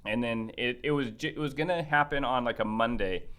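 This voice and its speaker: A man's voice: medium pitch, fairly quick, clear, resonant tone. Guy on a podcast telling a long story, medium voice, acts out what people said, lots of restarts. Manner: animated, acts out quoted dialogue; many restarts and fillers. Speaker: podcast guest. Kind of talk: casual storytelling chat.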